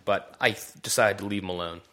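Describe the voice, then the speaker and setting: A man's voice: fairly low pitch, fairly even intonation, brisk, a bit bright. A man co-hosting a podcast in casual chat, rambling and self-deprecating, trailing off and restarting his sentences. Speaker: podcast co-host. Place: Vancouver area.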